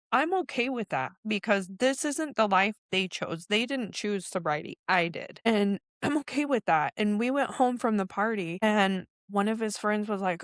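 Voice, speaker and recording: Woman, forties, podcast guest, candid emotional storytelling, mid pitch, dry close recording. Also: no echo. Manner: candid, emotional storytelling with animated quoted voices. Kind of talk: casual chat.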